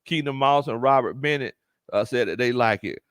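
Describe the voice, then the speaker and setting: With a mid-range voice at a moderate pace, a man hosts a laid-back sports livestream as host and coach. He reads comments aloud, laughs often, and gives lively reactions full of Southern slang. The recording has studio quality and no echo.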